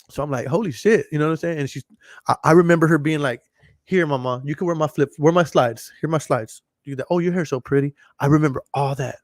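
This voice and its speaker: A man's voice: medium pitch, no echo, clean studio sound. A man hosting a podcast, telling a long story in a rambling, profane way and repeating himself. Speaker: podcast host. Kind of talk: casual storytelling monologue.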